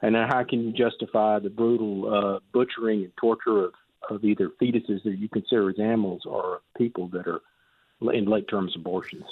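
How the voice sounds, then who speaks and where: A man's voice: on the low side, fairly even intonation, brisk, breathy edge, dry recording. A man calling in to a talk radio show, rambling and hesitant with many restarts as he speaks. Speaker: caller. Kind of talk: casual call-in chat. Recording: tinny phone line.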